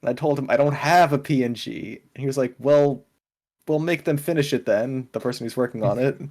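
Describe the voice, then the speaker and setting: A man who chats casually on a stream, joking in a rambling, deadpan way. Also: mid-range voice, a little fast. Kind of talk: casual gaming chat.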